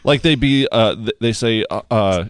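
A man's voice: lowish voice, moderate pace. A man co-hosting a podcast in loose, rambling chat full of fillers and cursing. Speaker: podcast co-host. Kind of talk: casual chat.

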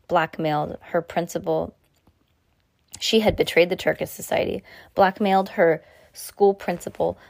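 Low-voiced woman reading a novel aloud. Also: no echo, clean studio sound. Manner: unpolished reading with frequent slips and restarts. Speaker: reader.

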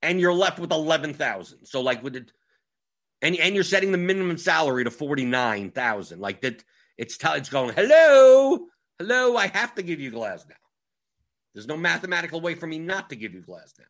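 A man's voice: on the high side, animated, a little fast, sharp tone. A man giving a casual tutorial on fantasy sports strategy, talking emphatically with frequent restarts.

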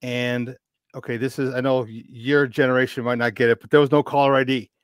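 A man in his fifties, a podcast guest, telling a long casual story in an animated, rambling way with many restarts. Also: mid-range voice, fairly quick, smooth, dry recording, clean studio sound. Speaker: podcast guest, football expert.

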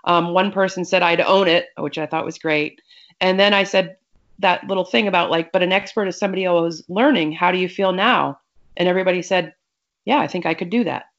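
A woman's voice: lowish voice, fairly quick. A woman giving emphatic advice in a conversational podcast interview, often restarting her sentences. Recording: muffled lo-fi audio.

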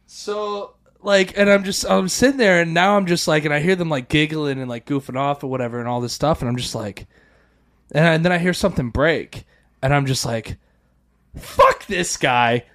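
A man's voice: fairly high pitch, brisk. A man co-hosting a podcast, telling a story in casual chat, acting out voices, swearing and laughing often. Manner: animated, acts out quoted voices, swears a lot, laughs often. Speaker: podcast co-host.

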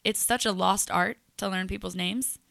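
Young woman co-host, gravelly bright voice, teasing banter, dry close sound. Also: mid-range voice, fairly even intonation, dry recording. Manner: teasing, quick crude jokes. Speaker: co-host, bartender. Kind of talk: casual podcast banter.

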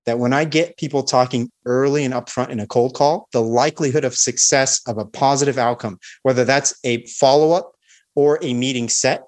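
A man explaining sales techniques with confidence, walking through the steps of a call. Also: medium pitch. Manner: confident, instructive, acts out sample calls. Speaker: sales expert guest.

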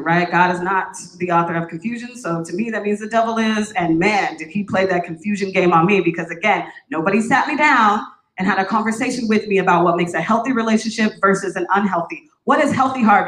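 A woman's voice: mid-range voice, a bit bright. A woman gives a frank personal testimony from a church stage, her voice sitting in the middle of the usual range. She talks casually and slips in jokes as she goes. The room adds a noticeable echo. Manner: candid, joking, conversational. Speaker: church speaker giving testimony.

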